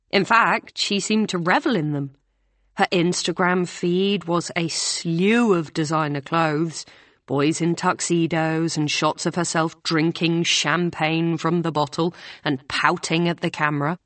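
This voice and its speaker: A woman reading a novel aloud as audiobook narrator, in a measured storytelling manner. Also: lowish voice, no room sound. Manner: measured, voices characters with small shifts. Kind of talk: scripted narration.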